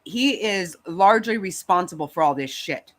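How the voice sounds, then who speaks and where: A woman's voice: on the low side, lively intonation, normal speed. A woman hosting a livestream, ranting bluntly and heatedly with lots of swearing. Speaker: livestream host. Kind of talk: angry casual rant to chat.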